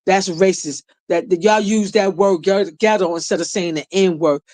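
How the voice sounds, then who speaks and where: A man in a heated, profane rant, hurling insults loudly. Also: sits high, normal speed, no echo. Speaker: online commentator. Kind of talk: profane ranting commentary.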